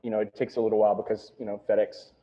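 Middle-aged man, restaurateur guest, quick rambling casual talk full of fillers, phone-line sound. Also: on the low side, flat delivery, mellow. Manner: rambling, full of "you know" and "right?". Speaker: restaurant owner.

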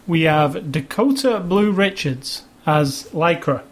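A man's voice: fairly high pitch, animated, slow pace. A man with a British accent co-hosting a casual film review chat in a dry, wry way. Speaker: film review podcast co-host.

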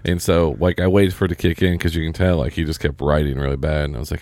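A man's voice: rumbling low, little pitch movement, fast, darkish tone, no room sound. A man casually and bluntly telling a mocking story on a podcast. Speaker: podcast co-host.

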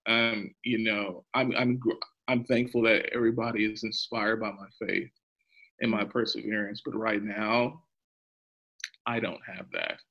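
A lower-pitched man with a husky, slightly breathy voice, talking as a pastor on a podcast. He speaks earnestly and rawly about his faith, laughing now and then through the emotion. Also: little pitch movement, unhurried, muffled recording. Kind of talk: personal faith testimony in a podcast interview.

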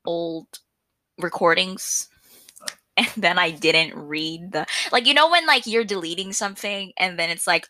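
A young woman rambles through her own casual solo podcast, loud, excitable and quick to laugh at herself. Her bright, forceful voice sits a little low, recorded close on a mic in a dry room with no room sound.

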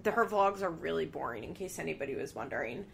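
A woman's voice: low-pitched, fast talker, gravelly, crowd noise. Chatty young woman, casual podcast talk. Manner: chatty, animated, lots of "like". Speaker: podcast host. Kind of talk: casual chat.

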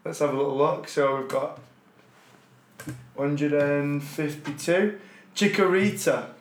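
A man's voice: fairly high pitch, slow pace, a little hiss or hum. Man, casual podcast co-host, rambling delivery, echoey space. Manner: rambling, repeats words, chuckles often. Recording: roomy echo.

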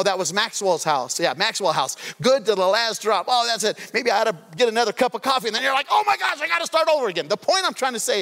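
A man preaches in a relaxed, conversational way, slipping into playful asides and acted-out prayers. His voice sits a little high for a man. The sound carries a long reverb, as in a large hall. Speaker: pastor. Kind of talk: sermon.

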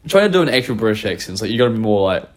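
A man's voice: fairly low pitch, sing-song, racing. A young man from New Zealand, his accent tinged with Australian, co-hosting a podcast in casual sweary banter, rambling with lots of restarts. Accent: New Zealand, slightly Australian. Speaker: podcast co-host. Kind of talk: casual chat.

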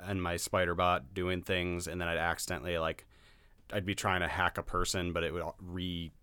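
A man's voice: low voice, little pitch movement, moderate pace, sharp tone, clear, resonant tone, dry recording. A man reviewing a video game in casual podcast chat, blunt and laughing often, swearing freely.

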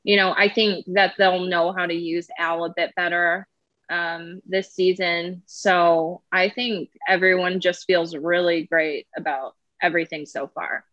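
A woman's voice: lowish voice, steady tone, unhurried, a bit bright, no echo, lo-fi sound. A woman guest on a podcast, chatting casually and hesitantly with many fillers. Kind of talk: casual interview chat.

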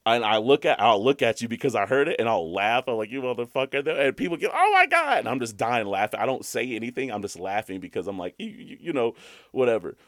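Low-voiced man chatting on a podcast. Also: quick pace, no room sound, clean studio sound. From Alabama, US. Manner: animated storytelling, bursts of high laughter. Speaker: podcast co-host. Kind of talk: casual chat.

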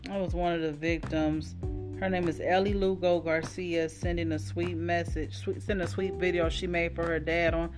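A woman hosting a podcast, talking in a shaken, halting, emotional way. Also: lowish voice, flat delivery, over music. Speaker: podcast host. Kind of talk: casual podcast commentary.

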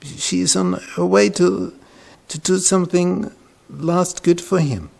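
A man's voice: high-pitched, fairly even intonation, a little slow, creaky, a little mellow. A male pastor preaching a sermon, retelling scripture dramatically and dropping into whispers. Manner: dramatic storytelling, sudden drops to whispers; repeats words and restarts.

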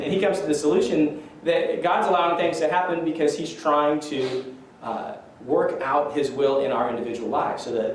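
A man preaching to his congregation in a loose, chatty way, joking at his own expense. His voice sits a little high for a man. He sounds distant from the microphone, in a very echoey church with a faint hiss behind him. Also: darkish tone. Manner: conversational, self-deprecating with chuckles. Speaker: pastor. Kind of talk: sermon. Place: church sanctuary.

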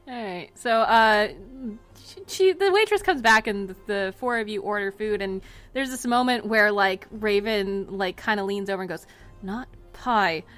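A woman at a middle pitch narrates a tabletop role-playing session as game master. She wanders through her descriptions with frequent fillers, restarts and asides. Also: lively intonation, moderate pace, fairly bright tone, soft background music. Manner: rambling, many fillers and restarts.

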